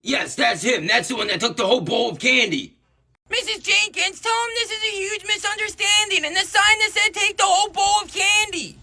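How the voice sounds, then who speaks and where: A comedian acts out a whole neighborhood squabble alone, jumping between characters in a high, lively voice. The tone is bright and edgy with some gravelly fry. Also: fairly quick. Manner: switches between put-on voices, often shouting. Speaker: sketch comedian playing every role. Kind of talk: one-man comedy sketch with many voices.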